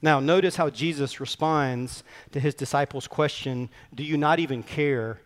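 Earnest pastor in a reverberant hall. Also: male voice, fairly high pitch. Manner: conversational, earnest preaching with quick asides. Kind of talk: sermon. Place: church sanctuary.

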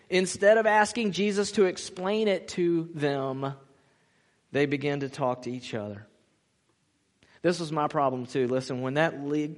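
A man preaching a sermon as pastor, animated, acting out the people he quotes and laughing often. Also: fairly high pitch, in a large hall. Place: church sanctuary.

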